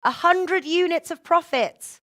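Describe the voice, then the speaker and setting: A woman hosting a betting show in casual chat, chatty and quick to laugh. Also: very high voice, sharp tone. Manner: chatty, laughs often, restarts. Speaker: host.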